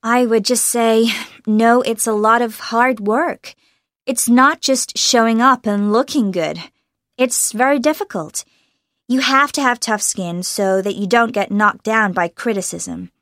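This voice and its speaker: A woman's voice: a little high, measured pace, a bit bright, no echo, clean studio sound. A young American woman from Los Angeles, an actress answering interview questions in a bubbly way and laughing often. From Los Angeles, USA.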